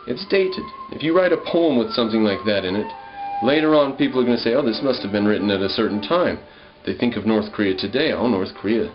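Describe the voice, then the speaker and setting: A man reading lines of his poem aloud and musing over how he wrote them, pausing often with ums and restarts. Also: fairly low pitch, expressive, lo-fi sound, music in the background. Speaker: poet. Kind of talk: casual spoken commentary on his own poem.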